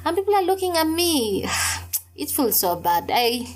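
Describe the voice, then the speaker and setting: Young woman, solo podcast host; higher voice, candid, emphatic storyteller. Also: very animated, normal speed. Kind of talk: casual solo podcast talk.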